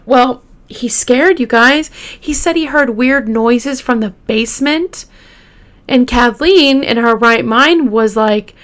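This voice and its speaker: Slow, chatty woman telling true crime. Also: a little high. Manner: chatty, emotional, addresses listeners directly. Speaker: true crime podcast host. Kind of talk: casual true crime storytelling.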